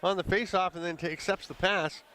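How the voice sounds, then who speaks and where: Bright-voiced male sports commentator. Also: high voice, fairly even intonation. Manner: brisk, conversational play-calling with chuckles. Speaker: play-by-play commentator.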